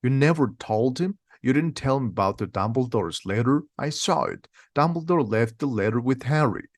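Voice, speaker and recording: A man voicing a huge bearded gentle giant who is blunt and quick to indignation, in a storybook reading. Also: medium pitch, lively intonation, dry recording, clean studio sound, close to an everyday voice. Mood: indignant.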